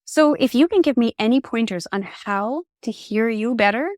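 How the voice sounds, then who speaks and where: A middle-aged woman, a podcast guest, telling personal stories in an animated, candid conversational way. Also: on the high side, normal speed, dry recording, clean studio sound. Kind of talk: conversational storytelling.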